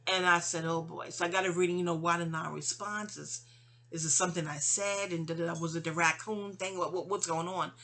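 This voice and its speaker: A woman's voice: on the low side, fairly even intonation, a little fast, a bit bright. A woman telling a personal story in a rambling, chatty way, acting out what people said to her. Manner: rambling, chatty, acts out quoted dialogue. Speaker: vlogger. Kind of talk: casual storytelling vent. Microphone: audio-only home recording.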